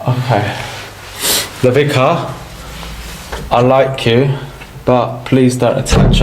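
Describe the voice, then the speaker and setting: A man hunting ghosts at night in a haunted house, slowly asking the spirits questions and swearing in awe. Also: medium pitch, steady tone, darkish tone, a little hiss or hum. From United Kingdom. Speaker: paranormal investigator. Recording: echoey room, mic at a distance.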